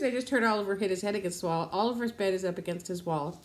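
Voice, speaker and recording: A woman in her fifties chatting casually to camera in a rambling, talkative way, laughing often. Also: fast. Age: 50s. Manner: rambling, chatty, laughs often, uses high baby-talk to her dog. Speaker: vlogger.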